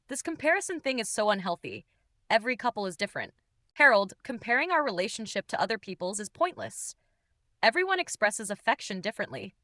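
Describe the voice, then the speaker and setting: A woman's voice: medium pitch, big pitch swings, brisk, sharp tone, no room sound, studio quality. A woman narrating a story in the first person, in a cool and dismissive manner.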